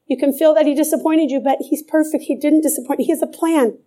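Fervent high-voiced woman preaching. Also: steady tone, fast, mellow. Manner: fervent, repeats phrases for emphasis. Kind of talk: sermon.

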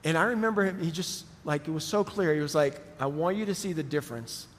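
A middle-aged man preaching a sermon, telling a personal story in a conversational, animated way. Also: fairly high pitch, quick pace, a little hiss or hum. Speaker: pastor. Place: church auditorium. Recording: long hall reverb.

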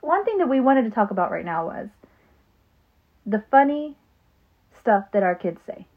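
A woman co-hosting a casual podcast with her sister, chatty and quick to laugh, with plenty of ums. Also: fairly high pitch, big pitch swings. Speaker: podcast co-host. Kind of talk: casual chat. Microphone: phone. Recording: phone-like narrow sound.

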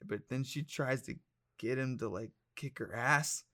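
A young man in casual podcast chat, telling a story in an animated, laughing way with plenty of swearing. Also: mid-range voice, a little slow. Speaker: podcast guest.

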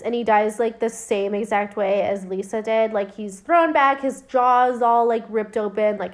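A woman recapping a film in casual chat, rambling with lots of fillers and swearing, her voice worn and her throat dry. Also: fairly high pitch. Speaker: podcast host recapping a film.

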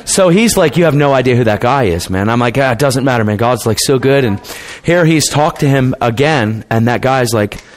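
A man's voice: medium pitch, lively intonation, moderate pace. A man preaching a testimony sermon in a casual, conversational way, acting out the people in his stories in dialogue. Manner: acts out quoted people in dialogue.

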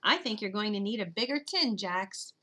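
Woman doing boy, big brother, bossy, irritable, bright tone, storybook. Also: mid-range voice, animated, normal speed. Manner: irritable, commanding. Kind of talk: audiobook character voice.

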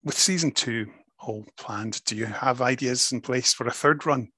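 Bright, husky male interviewer. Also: medium pitch, normal speed, no room sound. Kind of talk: interview questions.

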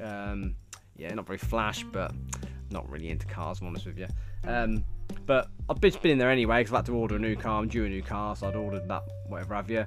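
A man telling rambling, sweary stories in a casual monologue, often laughing. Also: fairly low pitch.

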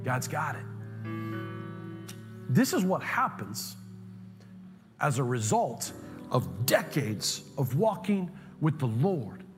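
A man preaching a sermon as pastor, animated and emphatic, telling humorous stories to make a point. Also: mid-range voice, takes it slowly. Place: church sanctuary. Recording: long hall reverb, faint music.

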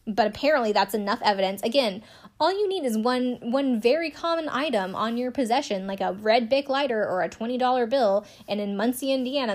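A woman talks through a TV show recap in a loose, chatty way, full of fillers and asides. She gets openly indignant and swears freely. Her voice sits at an ordinary middle pitch. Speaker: recap commentator. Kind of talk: casual spoken recap of a TV show.

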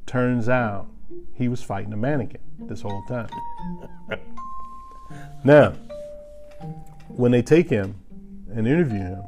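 A man casually telling a story to a listener, animated and chuckling, getting louder at the tense moments. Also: medium pitch, measured pace, long pauses, soft background music.

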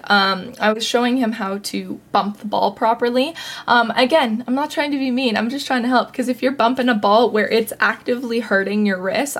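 A young adult woman hosting a podcast, telling a personal story in a chatty, casual way with lots of fillers. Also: a little high. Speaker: podcast host.

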